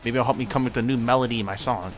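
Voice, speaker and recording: A man's voice: mid-range voice, steady tone, rapid-fire, slight background noise. A young man giving casual let's-play commentary, rambling and full of "like" fillers. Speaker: gamer.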